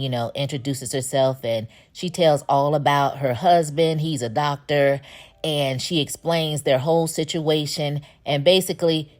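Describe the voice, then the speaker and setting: A woman hosting a casual, opinionated TV episode recap, chatting and laughing as she retells the plot. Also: low voice.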